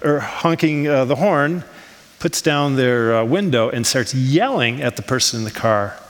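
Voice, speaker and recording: Here a man from the United States, serving as pastor, gives a sermon at a Swiss church, his mid-range voice expressive and unhurried as it fills a large hall. The delivery is conversational, full of rhetorical questions and frequent ums.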